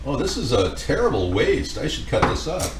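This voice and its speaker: A man's voice: mid-range voice, big pitch swings, normal speed, recorded from a distance, heavy background noise. A man hosting a cooking livestream at home, chatting casually and joking with viewers in a rambling way. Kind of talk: casual chat answering viewer comments. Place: home kitchen.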